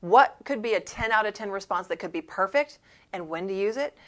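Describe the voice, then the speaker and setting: A woman's voice: mid-range voice, expressive, a little fast, a bit bright. Punchy woman sales coach. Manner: emphatic, punchy coaching delivery. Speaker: sales trainer and show host. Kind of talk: scripted sales training talk.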